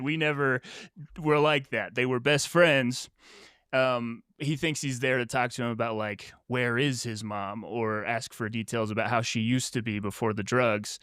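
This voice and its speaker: Clear-voiced man recapping a plot. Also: mid-range voice, moderate pace, no echo, clean studio sound. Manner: animated retelling with quoted voices. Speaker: podcast co-host. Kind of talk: casual book discussion.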